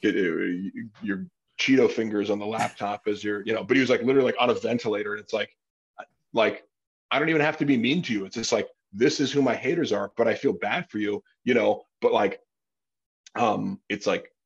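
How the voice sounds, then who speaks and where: A man with a husky, low-pitched voice talks loosely on a podcast, full of fillers and casual profanity. The audio is a bit dull and lo-fi. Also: fairly quick. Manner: rambling, many fillers, profane. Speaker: podcast host.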